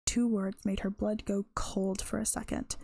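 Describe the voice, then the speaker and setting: This woman, a streamer who also writes, sounds tired as she works through her own story aloud, fixing mistakes along the way. Her mid-range voice is mellow and level with some vocal fry, delivered at a normal speed in a recording free of room sound.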